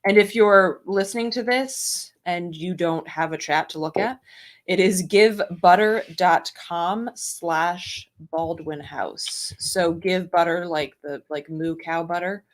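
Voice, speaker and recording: A woman's voice: lowish voice, takes it slowly. A woman co-hosting a casual livestream chat in a laid-back, chatty way. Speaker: co-host.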